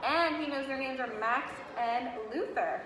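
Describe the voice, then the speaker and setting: Animated teacher reading to a class. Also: female voice, high-pitched, a little slow. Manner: animated, asks the children questions. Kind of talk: reading a storybook aloud to a class. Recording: echoey classroom with long reverb, faint noise.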